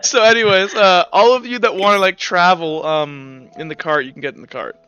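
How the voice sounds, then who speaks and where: A man's voice: sits high, fairly quick, pushed and bright, clear, resonant tone, muffled recording, soft background music. A man narrating as game master of a tabletop game, rambling with lots of fillers and restarts.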